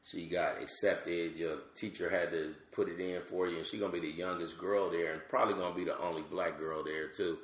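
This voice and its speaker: A middle-aged male comedian telling animated, slangy stories as a podcast guest. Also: deep voice, brisk, hardly any pauses. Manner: animated, slangy, lots of asides. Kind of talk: comic storytelling on a podcast. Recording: roomy echo.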